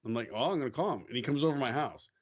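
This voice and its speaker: A man's voice: medium pitch, very fast, husky. American guy telling a story casual, does the voices, bit of a dull lo-fi sound. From United States. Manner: animated storyteller, acts out quotes, laughs easily. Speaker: podcast guest, missionary.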